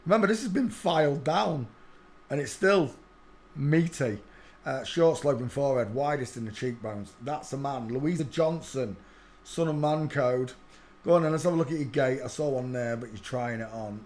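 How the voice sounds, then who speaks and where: A man hosts a live stream and talks over video clips. His voice sits at an ordinary middle pitch. He is emphatic and repeats the same checklist in a chanting rhythm. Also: normal speed. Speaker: channel host.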